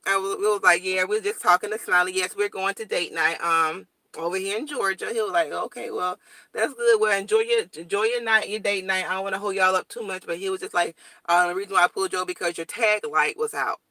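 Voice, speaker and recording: A young woman chats to her viewers in a casual morning vlog, blunt and straightforward. Her voice is bright and sharp. The sound is dry and close, with no room echo. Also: mid-range voice, quick pace. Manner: blunt, straightforward, animated storytelling. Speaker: vlogger.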